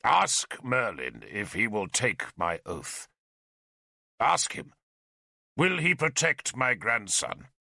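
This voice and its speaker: An old, dying and stubborn king, as a man acts him out in an audiobook, deep and slow, pressing his demands gravely. The sound is dry and close. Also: big pitch swings, pushed and bright, no room sound, heavily acted.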